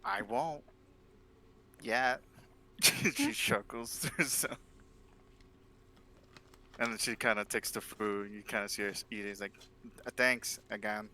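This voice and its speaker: Bright-voiced man playing a tabletop game. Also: fairly low pitch, fairly quick, slight background noise. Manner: animated, laughs often, slips into character quotes. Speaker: player. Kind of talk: tabletop game role-play.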